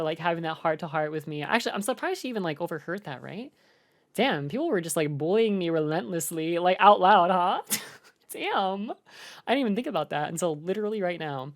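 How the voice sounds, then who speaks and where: A young woman reacts live on stream, rambling and chatty and full of fillers. Her voice is on the low side for a woman.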